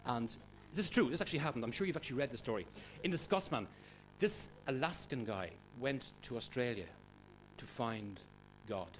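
A man doing stand-up comedy, loud and energetic, swearing and mimicking for the crowd. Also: mid-range voice, moderate pace. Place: comedy club stage before audience. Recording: noisy live club recording.

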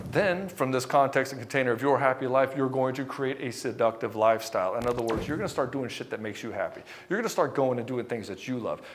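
A man giving a motivational coaching talk to husbands, blunt and emphatic with plenty of swearing, sometimes acting out quoted lines of dialogue. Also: medium pitch. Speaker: relationship coach.

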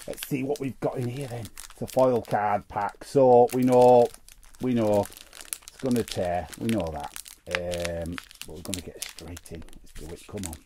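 A man's voice: fairly low pitch, a little slow, dark tone, slight background noise. A man hosting a casual trading card pack opening, reading the cards aloud and making jokey asides. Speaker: host.

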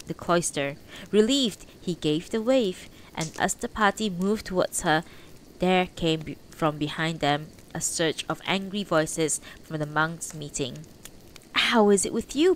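A woman's voice: sits low, slight background noise, poor audio. A woman reading a novel aloud on a livestream, unpolished, correcting her slips as she goes. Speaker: audiobook reader on a livestream.

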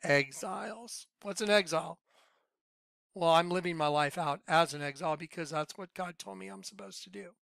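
Emphatic man teaching Bible, bright voice. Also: a little high, normal speed, creaky, no room sound. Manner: emphatic, quizzing the viewer with yes-or-no questions; swings between loud outbursts and muttered asides. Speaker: self-styled Bible teacher. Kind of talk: informal Bible teaching video.

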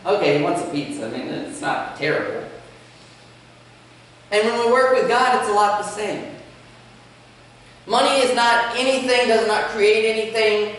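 A man preaching a sermon as pastor, animated, with light humor in his storytelling. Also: high-pitched, moderate pace, long pauses. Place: church sanctuary. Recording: echoey church, speaker far from mic.

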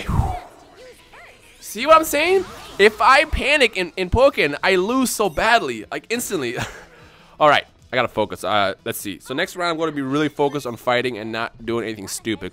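A man hosting his own gaming channel, giving live gameplay commentary in an excitable way and rattling off repeated words when the action gets tense. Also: medium pitch. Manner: excitable, repeats words rapidly under pressure.

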